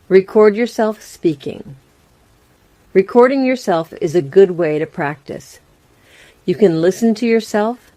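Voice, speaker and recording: An English teacher narrates a scripted lesson, speaking slowly, plainly and deliberately with careful space between phrases. Her mellow, fairly low voice sounds dry and close, with no echo and no room around it.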